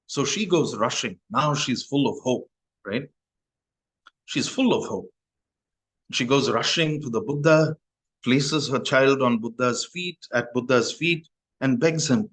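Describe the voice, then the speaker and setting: A man's voice: mid-range voice, measured pace, a bit bright, poor audio. A male Buddhist monk telling a story in a Dharma talk, talking in a loose, conversational way with restarts and asides.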